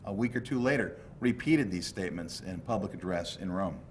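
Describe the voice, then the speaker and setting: A man from the United States giving a lecture with slides, telling history as animated stories with asides and jokes. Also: sits low, fairly quick, a little hiss or hum. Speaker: law professor lecturing.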